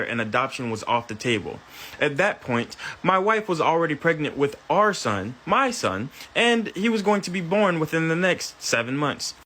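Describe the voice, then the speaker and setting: Guy retelling a drama story like it's his own, kinda high voice, blunt and repeats himself. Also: sharp tone. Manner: blunt, emphatic, repeats phrases. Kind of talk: first-person story reenactment.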